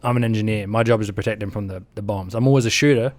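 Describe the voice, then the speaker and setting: A man's voice: lowish voice, rapid-fire, no echo. A man with an Australian accent, an army veteran in his thirties telling war stories in an interview, acting out sounds and quotes. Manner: animated, acts out sounds and quotes, laughs through the telling. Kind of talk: interview storytelling.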